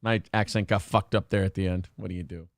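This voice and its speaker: A man's voice: low voice, fairly even intonation, quick pace, no room sound, clean studio sound. A man hosting a morning radio show, bantering casually, mocking himself and swearing freely.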